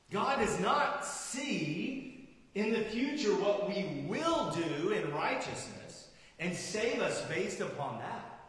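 A man preaching a sermon as pastor, emphatic, swinging from loud declarations to quiet, drawn-out lines. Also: sits high, sing-song. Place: church sanctuary. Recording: roomy hall with long reverb.

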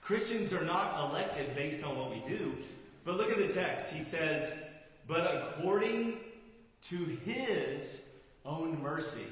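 A man preaching a sermon as pastor, emphatic, swinging from loud declarations to quiet, drawn-out lines. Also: sits high. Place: church sanctuary. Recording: roomy hall with long reverb.

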